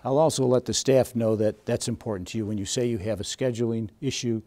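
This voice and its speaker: A man's voice: mid-range voice, steady tone, quick pace, mellow. A man presenting a seminar, quizzing his audience and acting out scenes with them. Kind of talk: interactive seminar teaching.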